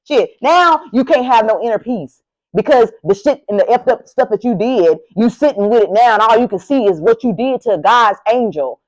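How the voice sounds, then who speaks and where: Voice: mid-range voice, animated, moderate pace, low-quality recording. An adult tarot reader doing a casual reading to camera, speaking bluntly and emphatically with lots of profanity and a heated, ranting delivery.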